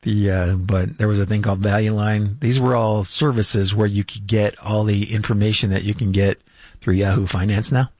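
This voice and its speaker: Older male finance radio host, low raspy voice, loose chatty delivery full of ums and restarts, dry studio sound. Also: flat delivery, normal speed, darkish tone, no room sound. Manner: rambling, chuckles, many fillers and restarts. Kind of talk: casual unscripted radio talk.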